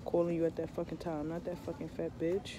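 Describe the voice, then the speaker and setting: A woman ranting loudly and profanely in a casual vlog, telling an animated story. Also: low voice, brisk, background noise. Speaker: tarot vlogger. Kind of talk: casual rant to camera.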